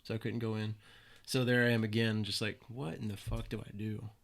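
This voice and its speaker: A lowish, level voice with vocal fry, moving a little fast, belongs to a young man guesting on a podcast. Laid-back, he tells casual stories peppered with swearing and acts out the quotes himself.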